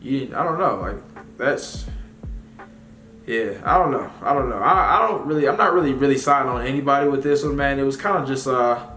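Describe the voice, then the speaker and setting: A man's voice: medium pitch, brisk, bright, forceful tone. A man giving casual commentary as a vlogger, rambling with slang and lots of fillers. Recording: echoey room with faint music.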